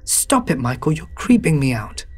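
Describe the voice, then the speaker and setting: A man's voice: medium pitch, very animated, normal speed, breathy edge, soft background music. A man doing a jumpy, easily spooked young woman. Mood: scared.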